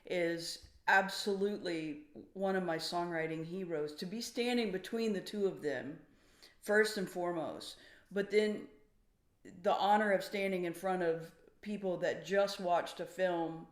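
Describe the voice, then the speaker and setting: A woman's voice: lowish voice, a little slow. A woman, a songwriter, giving interview answers in a thoughtful, emotional way. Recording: echoey room.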